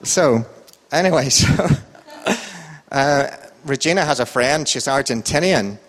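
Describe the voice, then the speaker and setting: A man's voice: medium pitch, unhurried, a bit bright, a little hiss or hum. An Irish man with a lilting, sing-song delivery that rises and falls, giving a casual Bible talk to a church group. He sounds chatty and joking, and his voice carries a long reverb from the hall around him. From Ireland. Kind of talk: informal Bible talk with a quiz.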